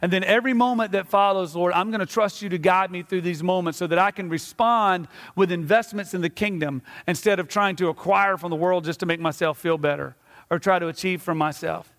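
A middle-aged man, a pastor, preaching a sermon and telling a story with animated, acted-out asides. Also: sits high, fairly quick. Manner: animated storytelling, acting out scenes. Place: church sanctuary. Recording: reverberant church sanctuary.

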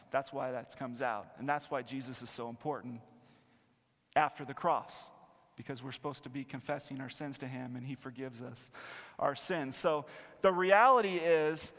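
A man teaching a sermon in an earnest, emphatic way, repeating key phrases and moving between loud and quiet. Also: on the high side. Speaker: preacher and biblical counselor. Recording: long hall reverb.

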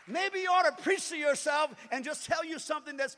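A man preaching a sermon in a church, talking casually and joking with the congregation, then building to shouted lines. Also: very high voice, expressive, normal speed, hardly any pauses. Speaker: pastor. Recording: long hall reverb.

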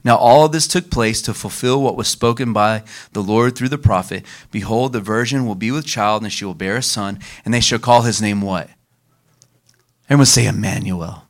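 A man preaching a sermon as pastor, leading the congregation in call-and-response and slowing down for emphasis. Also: medium pitch. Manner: leads the congregation in call-and-response, varies his pace for emphasis.

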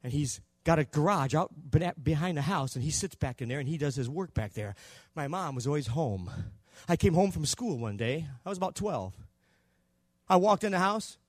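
An older man preaching a Pentecostal sermon, telling a story and acting out the dialogue, going from hushed to shouting. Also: fairly high pitch, expressive, moderate pace, no room sound, studio quality. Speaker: pastor.

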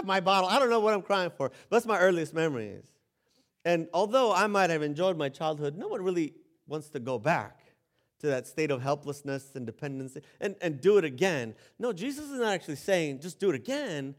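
A man preaching a sermon in a conversational way, joking about himself and often restarting phrases. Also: on the high side. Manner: conversational, self-deprecating, with laughs and restarts. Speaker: pastor.

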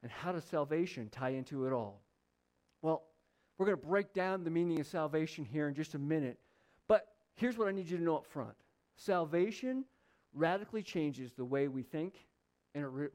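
A man's voice: on the high side, expressive, normal speed, a little mellow. A man preaching a sermon, repeating key lines for emphasis. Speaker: pastor.

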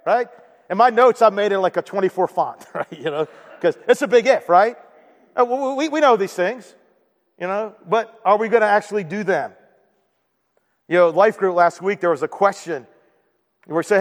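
A man's voice: high-pitched, animated, moderate pace, long pauses. A man preaching a sermon as pastor, talking to the room in a conversational way and often asking the congregation "right?". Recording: long hall reverb.

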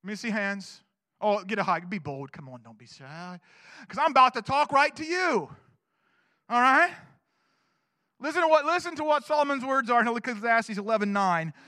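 Male pastor, very high voice, animated sermon delivery, dry close sound. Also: moderate pace, dry recording. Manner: animated, swings between loud urging and hushed asides. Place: church.

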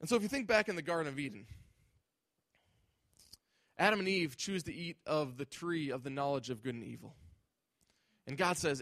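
A man's voice: on the high side, normal speed, pauses often, a bit bright, dry recording. Emphatic preaching man, dry sound. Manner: emphatic preaching, acts out imagined voices. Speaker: pastor. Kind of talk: sermon.

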